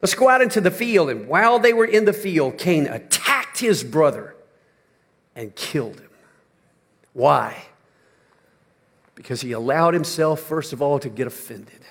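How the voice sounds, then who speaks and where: An older man preaching a sermon, moving from quiet, low-key talk to loud, shouted emphasis. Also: lively intonation, measured pace, long pauses, big-room sound. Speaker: pastor.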